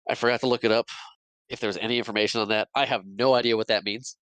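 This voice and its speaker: A man with a fairly low voice that still sounds bright and punchy recaps a film for a podcast. He talks casually, stumbling and restarting phrases. The sound is close and dry, with no room echo. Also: steady tone, fast, clear, resonant tone. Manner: retells scenes at length with many restarts and little laughs. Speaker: podcast co-host. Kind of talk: casual movie recap chat.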